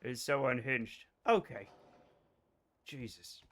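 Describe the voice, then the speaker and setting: A man's voice: medium pitch, slow. A young man streaming a game live, chatting with his audience and bursting out now and then. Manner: excitable, bantering with chat, sudden outbursts. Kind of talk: casual live gameplay commentary.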